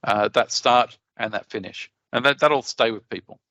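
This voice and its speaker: An Australian man giving a conference talk in a chatty, animated way, often restarting his sentences. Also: medium pitch, normal speed, dry recording, muffled recording. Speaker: conference presenter.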